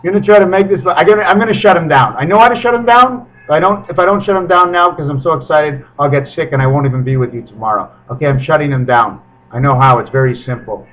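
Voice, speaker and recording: A man talking in a rambling spiritual monologue to his webcam, his pitch swinging suddenly between high and low. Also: fast. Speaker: webcam video maker. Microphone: webcam microphone. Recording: dull lo-fi webcam audio.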